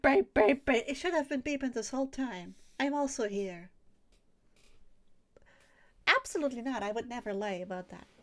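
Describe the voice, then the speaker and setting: A young woman chatting casually on a livestream while she draws. She rambles, laughs often and swears freely. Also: on the high side. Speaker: streamer.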